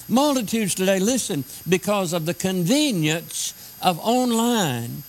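A man preaching a sermon, slowing down to stress scripture lines. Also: high-pitched, lively intonation, poor audio. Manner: emphatic, slows down to stress scripture.

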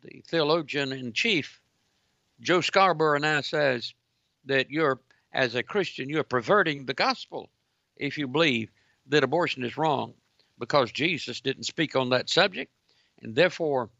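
A man's voice: medium pitch, creaky, bright, forceful tone, no room sound. A man hosting Christian call-in talk radio, giving indignant, preaching commentary. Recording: dull lo-fi broadcast audio.

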